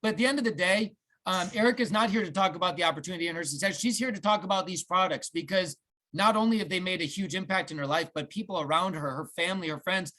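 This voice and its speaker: Male host for a company video call, heartfelt and halting, bright and a bit high. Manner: earnest and emotional, slow with restarts.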